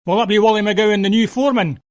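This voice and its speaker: A man with a Scottish accent voicing a crabbit, ill-natured male farm horseman who talks gruffly and sneers. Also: sits high, fast talker, dry recording, studio quality, voice pushed up, lightly acted. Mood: sneering.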